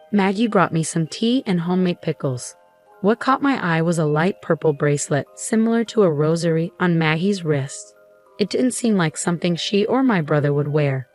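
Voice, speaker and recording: A woman narrating a first-person story in an even, earnest scripted style. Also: low voice. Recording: faint background music.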